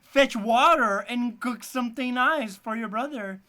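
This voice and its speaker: A man voicing a wicked old witch who gloats about eating children, in a shrill cackling screech. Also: measured pace, heavy background noise. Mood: shrieking.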